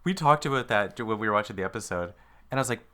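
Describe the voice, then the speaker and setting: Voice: lively intonation, racing, pushed and bright. A podcast co-host joking and laughing through a casual chat about a TV episode. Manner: jokey, laughs often, big pitch jumps.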